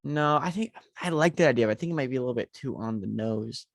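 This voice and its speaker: A man co-hosting a podcast in casual chat, relaxed and joking while he pitches story ideas. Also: quick pace, gravelly, dry recording. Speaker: podcast co-host.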